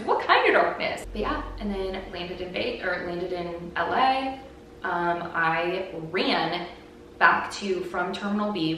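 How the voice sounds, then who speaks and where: Chatty young woman in an echoey room. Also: mid-range voice. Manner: chatty, heavy use of "like", animated retelling. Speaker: vlogger and podcast host. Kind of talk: casual storytelling chat. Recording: very echoey room, voice from a distance, faint background noise.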